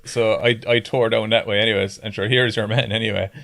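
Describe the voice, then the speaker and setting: A man's voice: on the low side, steady tone, brisk, creaky, a bit bright. An Irish man telling a rambling story in casual chat, swearing often and laughing along as he goes. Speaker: podcast guest.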